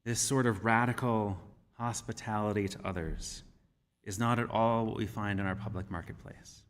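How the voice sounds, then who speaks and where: A man giving a sermon as minister, speaking in a measured, gentle storytelling manner. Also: lowish voice, fairly even intonation. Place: church sanctuary. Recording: reverberant church hall.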